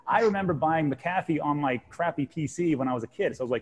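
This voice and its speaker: A man in his forties chatting casually on a panel show as a guest co-host, telling stories in a lively way and acting out what others said. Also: a little high, fast, hardly any pauses, poor audio. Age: 40s. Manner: animated storyteller, acts out quotes. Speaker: guest co-host, crypto channel host.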